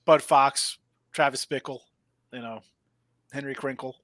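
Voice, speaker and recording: A man with a mid-range voice co-hosts a casual sports betting stream, unhurriedly rambling through stories. He's an animated storyteller who laughs often.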